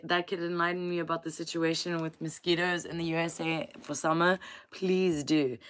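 Low-voiced woman chatting on a livestream. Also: a bit bright. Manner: chatty and profane, often drops to a murmur. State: slightly nasal from a cold. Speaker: musician hosting a livestream. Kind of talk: casual livestream chat.

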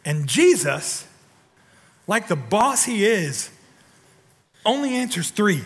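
Male pastor, sermon, forceful bright tone, fairly high voice, animated storytelling, long hall reverb. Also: takes it slowly. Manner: animated storytelling, swinging between loud punchy lines and low quiet ones; talks directly to the congregation, prodding them for responses. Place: church sanctuary.

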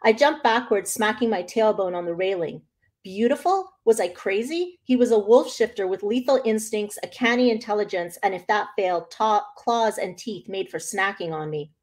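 An author, a woman, reading her own novel aloud in an expressive first-person narration. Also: medium pitch.

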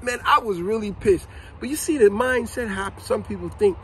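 A man's voice: high-pitched, moderate pace, a little hiss or hum. A man in his forties telling a funny story as a casual rant to his viewers, acting out what people said and laughing at himself. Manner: lively, acts out quotes, laughs at himself.

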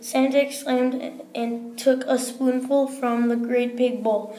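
A woman reading a children's story aloud in a careful, unhurried way. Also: a little high, fairly even intonation, warm tone. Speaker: storybook reader. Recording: roomy echo.

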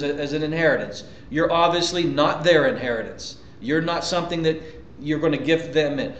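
A man delivers a sermon in a fairly high voice, pushing his points with repeated words and questions thrown at the room. The sound is roomy and dull, like a lo-fi church recording. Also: a little hiss or hum. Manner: emphatic, conversational preaching with repetitions and rhetorical questions. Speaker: pastor.

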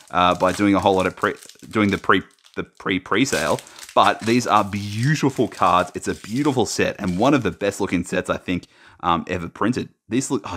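A man commentating casually as he opens trading card packs, naming players and now and then breaking into high, excited shouts over good pulls. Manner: excitable, talks while sorting cards, bursts into high shouts over big pulls. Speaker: card-opening YouTuber.

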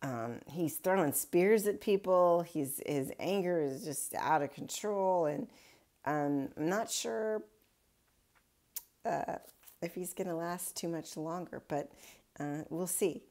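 Low, mellow-voiced woman pastor. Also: takes it slowly. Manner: chatty retelling with wry asides. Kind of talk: casual daily Bible reflection.

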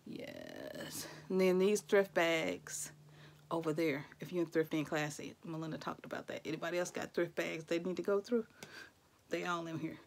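A woman from Tennessee, chatting casually to camera, folksy and effusive, calling viewers y'all and honey and dropping into soft whispers. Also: lowish voice, steady tone, a little fast, a little hiss or hum. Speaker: vlogger showing gifts.

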